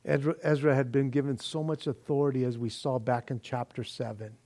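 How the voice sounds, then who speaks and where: A man's voice: mid-range voice, steady tone, a little fast, mellow. Folksy male pastor preaching. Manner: folksy, conversational, says "man" often; explains word meanings in long lists. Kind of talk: sermon.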